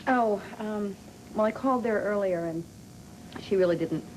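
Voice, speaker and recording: An actress playing a gentle, reassuring friend comforting a worried mother in a daytime soap. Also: medium pitch, moderate pace, a little hiss or hum, close to an everyday voice, low-quality recording. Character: supportive woman friend. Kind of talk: 1990s daytime soap acting.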